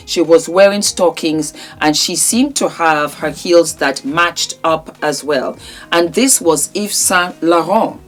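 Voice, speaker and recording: Low-voiced woman gushing over fashion. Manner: effusive, repeats her praise over and over; talks straight to the celebrities as darling. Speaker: fashion vlogger. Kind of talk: casual red-carpet fashion review.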